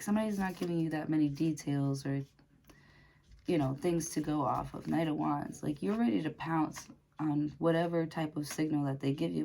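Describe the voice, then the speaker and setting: A woman's voice: low voice, creaky, mellow, slight background noise. A woman doing a casual tarot reading to camera, chatty and laughing often, with lots of fillers. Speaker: tarot reader.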